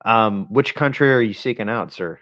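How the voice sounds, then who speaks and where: A man's voice: lowish voice, moderate pace. A man co-hosting a casual livestream, dry and laughing along with the host. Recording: dull lo-fi sound.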